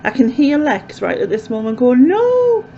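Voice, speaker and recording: A woman's voice: a little high, a little fast, vocal fry, mellow, slight background noise. A woman chatting casually as a vlogger, rambling with lots of fillers, recorded with dull, lo-fi sound. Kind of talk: casual chat to camera.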